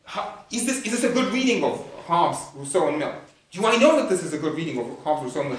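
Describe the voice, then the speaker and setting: A man's voice: on the high side, sing-song, fast talker, distant mic. A man giving a university lecture, thinking aloud with many fillers, restarts and rhetorical questions. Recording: echoey room, voice from afar.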